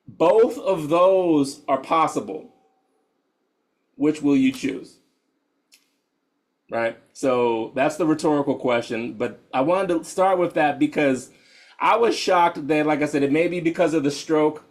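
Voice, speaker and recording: Male meditation guide, casual and slangy, voice a touch high. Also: a little slow. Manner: laid-back, slangy, laughs often. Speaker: meditation teacher.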